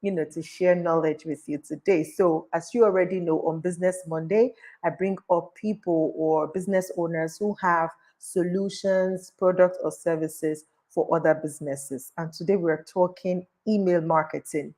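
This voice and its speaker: A woman hosts a live podcast, her voice sitting on the lower side. She is chatty and breaks into laughter often as she talks with her guest. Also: steady tone, moderate pace, few pauses, a little mellow. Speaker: podcast host.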